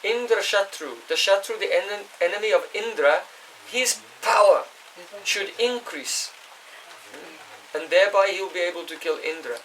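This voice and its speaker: A man's voice: high voice, moderate pace, a bit bright, a little hiss or hum. A man giving a scripture class, explaining at length, chanting Sanskrit verses and checking in with his listeners. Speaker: spiritual teacher. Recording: voice distant from the mic.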